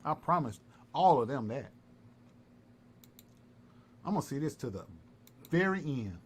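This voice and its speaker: A live-stream commentator from North Carolina, his medium-pitched voice a little slow with a breathy edge, taunts and repeats himself in an animated, heated callout. Faint background noise is audible.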